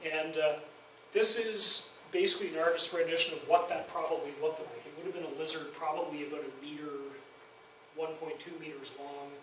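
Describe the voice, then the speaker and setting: A man with a fairly high voice gives a chatty, self-deprecating lecture full of anecdotes. He is recorded from far off in a very echoey room. Faint background hiss sits under his voice. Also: fairly even intonation, fairly quick, sharp tone. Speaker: guest lecturer and documentary filmmaker. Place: university faculty lounge, indoors.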